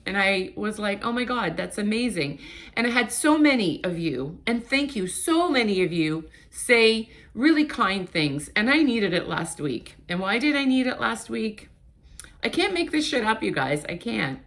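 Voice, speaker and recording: A woman's voice: mid-range voice, very animated, moderate pace, fairly bright tone. A woman in her late fifties, born in Portugal and raised in Canada, talking candidly to her viewers in a rambling, open way with frequent restarts. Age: 50s. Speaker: YouTuber. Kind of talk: casual chat to camera.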